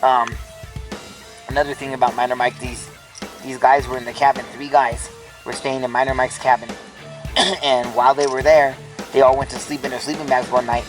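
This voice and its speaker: A man's voice: medium pitch, level tone, moderate pace, over music, rough recording. A man casually telling a ghost story, rambling with lots of filler words and restarts.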